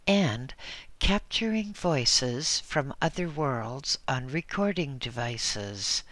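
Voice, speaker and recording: A man with a gravelly voice and raspy breathing from a cold, politely introducing an audiobook he narrates. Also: medium pitch, sharp tone, no echo. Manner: polite and apologetic.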